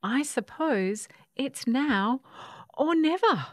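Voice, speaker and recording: A woman's voice: high-pitched, expressive, slow pace, no echo, studio quality, voice pushed up, full character voice. A woman voicing a small, stubborn baby bird with a twisted wing, who snaps when upset and squeals when scared. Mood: determined.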